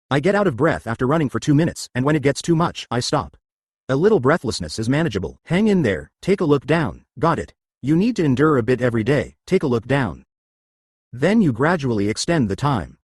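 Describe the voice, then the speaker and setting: A man talks listeners through stretches and breathing drills one command at a time. His voice is husky and dry, with no room around it. His pitch rises and falls in a lively way as he coaches. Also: no room sound. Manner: coaching, giving step-by-step commands. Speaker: exercise and breathing instructor. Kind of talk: guided exercise instruction.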